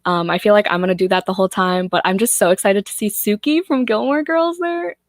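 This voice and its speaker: A young woman from the United States hosts a live book-club stream, giggling often, reading chat comments aloud and greeting viewers. Her mid-range voice is fairly quick, captured in clean studio sound with no room noise.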